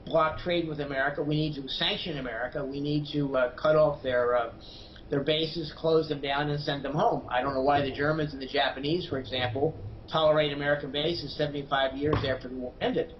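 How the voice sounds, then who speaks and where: A man as a guest commentator on a news program, giving strong political opinions with many hesitant pauses and fillers. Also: fairly high pitch, fairly even intonation. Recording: dull lo-fi broadcast audio with faint noise.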